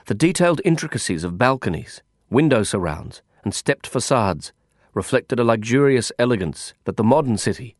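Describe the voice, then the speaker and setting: Expressive male audiobook narrator, dry studio sound. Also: mid-range voice, moderate pace, dry recording. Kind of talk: first-person audiobook narration.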